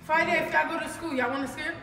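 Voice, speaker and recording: A woman's voice: high voice, steady tone, quick pace, reverberant, in a large hall, far from the mic. A young woman vlogging at home in a casual chat, laughing often and using doting baby talk with a small child.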